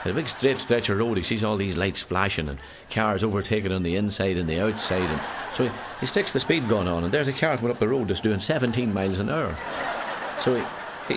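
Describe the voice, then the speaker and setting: A man with an Irish accent telling jokes as a stand-up comedian, rambling quickly through stories with frequent restarts. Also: fairly low pitch, noisy background.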